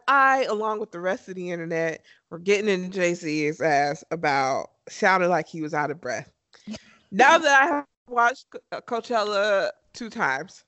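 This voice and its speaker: A woman's voice: medium pitch, a bit bright, no echo. A woman co-hosting a podcast in casual chat, enthusiastic and emphatic as she gushes. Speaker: podcast co-host.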